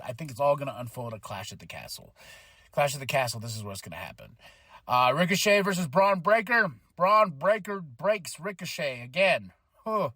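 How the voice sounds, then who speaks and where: A man hosting a podcast, giving a casual, animated recap and acting out quotes in put-on voices, laughing often. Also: sits high, dry recording, clean studio sound. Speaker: podcast host recapping wrestling.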